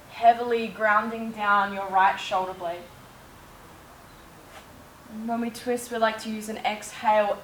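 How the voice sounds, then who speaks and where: Calm woman guiding a yoga class. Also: medium pitch, far from the mic, a little hiss or hum. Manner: calm, cueing breath and movement step by step. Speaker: yoga instructor. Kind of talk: guided yoga class instruction. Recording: echoey room, faint ambience.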